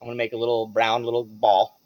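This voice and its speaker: A man's voice: mid-range voice, monotone, quick pace, muffled recording. A man narrating as game master of a tabletop game, playful, laughing often and swearing casually.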